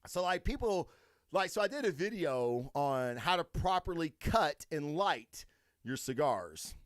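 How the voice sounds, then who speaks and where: Crude, rambling man with a lively voice. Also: fairly high pitch, a little slow, no echo, studio quality. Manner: crude, rambling, swears constantly. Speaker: podcast host. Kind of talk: profane casual monologue.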